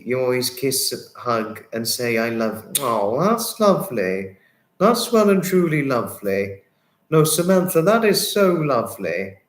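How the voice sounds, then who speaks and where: A man hosting a livestream, chatting warmly with viewers and reading their comments, effusive and sympathetic, often repeating himself. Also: medium pitch. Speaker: livestream host. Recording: roomy echo.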